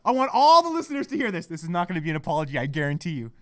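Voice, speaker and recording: A young man hosting a podcast, swearing heavily as he rants, going from shouting to hushed muttering. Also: on the high side, very animated, very fast, no echo, clean studio sound. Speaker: podcast host. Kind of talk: profane solo podcast rant.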